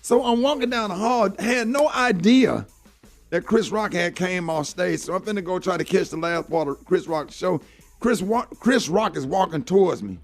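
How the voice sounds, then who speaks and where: A middle-aged man hosts a morning radio show, his voice sitting high and animated at a moderate pace with faint music underneath. He tells a heartfelt story earnestly, peppering it with "man" and "you know."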